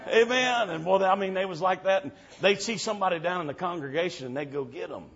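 Male preacher, fairly high voice, storytelling sermon, hushed to shouting, dull lo-fi recording. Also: fast talker. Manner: animated, swings from hushed to shouting.

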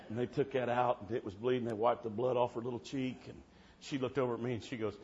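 A man preaching a revival sermon in church, telling stories and swinging from soft-spoken to shouting. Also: mid-range voice, fairly even intonation, fast. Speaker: traveling preacher. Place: church service. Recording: dull muffled sound with faint background hiss.

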